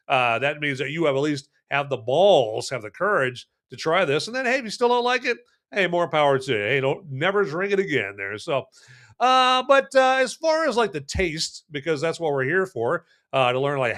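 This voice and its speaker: A man's voice: on the high side, pushed and bright. Rambling man reviewing a beer. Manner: rambling, lots of fillers and restarts, jokey. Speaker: podcast co-host reviewing a beer. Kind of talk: casual chat.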